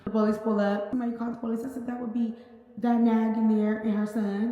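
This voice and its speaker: Woman vlogger, quick chatty recap, very echoey room with a long reverb tail. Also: on the high side, flat delivery, mellow, highs cut off. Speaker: YouTuber. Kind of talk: casual storytime vlog.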